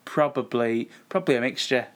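A man's voice: medium pitch, brisk. A man, co-hosting a casual chat and telling anecdotes in a laid-back, dryly funny way. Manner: laid-back, dry humour, tells anecdotes. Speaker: podcast co-host.

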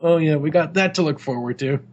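A man with a slightly high, husky voice riffing through an old game magazine on a podcast. He jokes and swears freely in loose, casual chat. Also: a little fast, muffled recording. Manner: jokey, swearing, laughing often. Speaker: podcast co-host.

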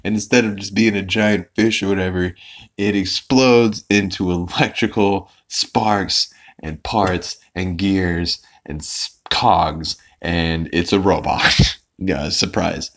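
Low-voiced man recapping casually. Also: fairly even intonation, takes it slowly, a bit bright. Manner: rambling and profane, with many fillers. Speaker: podcast host.

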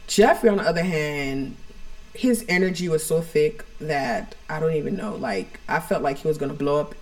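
A woman's voice: low-pitched, normal speed, a little mellow. A woman co-hosting a podcast from home, telling a personal story in a frank, rambling way full of "like" and "you know". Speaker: podcast co-host.

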